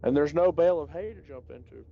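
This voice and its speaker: A man's voice: a little high, fast, gravelly, highs cut off. A man player chatting casually about video games at a tabletop session, with wry, opinionated banter.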